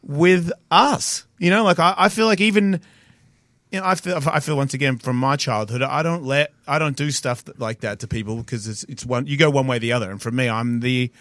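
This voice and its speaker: A man's voice: medium pitch, fairly quick, a bit bright, no room sound. A man in his forties with an Australian accent, a podcast guest telling rambling stories in a blunt, profane way. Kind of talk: casual chat.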